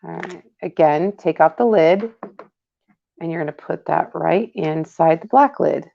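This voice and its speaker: A woman's voice: low-pitched, unhurried, creaky. A woman casually demonstrating a craft project, chatty and greeting viewers by name as she works. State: hiccups. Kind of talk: casual live craft tutorial. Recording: dull lo-fi livestream audio.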